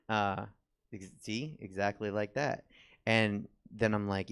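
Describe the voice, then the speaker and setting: Low gravelly guy doing standup, rambly self-deprecating storytelling. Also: fairly even intonation, measured pace, fairly bright tone. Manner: rambling self-mocking delivery with acted quotes. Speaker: stand-up comedian. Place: comedy theater stage.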